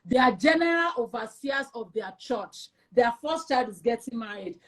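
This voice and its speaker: A young woman with a Nigerian accent, telling her personal story as an interview guest in an emphatic, animated way. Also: fairly high pitch, normal speed. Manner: emphatic and animated, acts out quoted voices.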